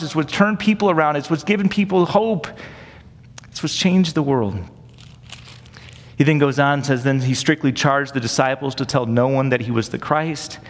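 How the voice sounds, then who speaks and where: Earnest man preaching in a reverberant hall. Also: fairly high pitch. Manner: earnest, conversational preaching with rhetorical questions. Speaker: pastor. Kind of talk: sermon teaching.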